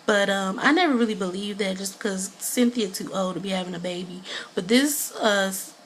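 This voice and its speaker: A woman's voice: mid-range voice, moderate pace, a little hiss or hum. A woman vlogger in casual chat, reviewing a show in a rambling, gossipy way full of fillers.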